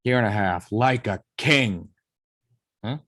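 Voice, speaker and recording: A man reading the part of a washed-up male movie star in an amateur script table read, drifting between low mumbles and sudden shouts. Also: slow, dry recording.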